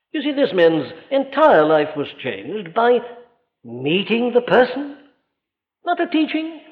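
A man preaching a sermon in an emphatic, rhetorical way, his voice rising and dropping sharply for stress, heard on a dull lo-fi recording in a church or large hall. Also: on the high side. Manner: emphatic and rhetorical, with sudden rises and drops.

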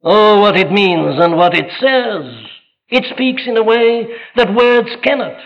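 A man with a high voice preaches an earnest sermon. He fires rhetorical questions and abruptly presses his points with greater force. The recording is dull and lo-fi. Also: animated, measured pace.

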